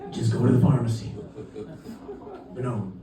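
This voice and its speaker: A man's voice: medium pitch, level tone, normal speed, crowd noise. A young man doing stand-up, telling a profane, laid-back travel story with acted-out quotes. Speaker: stand-up comedian. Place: comedy club stage. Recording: roomy club sound from a distance.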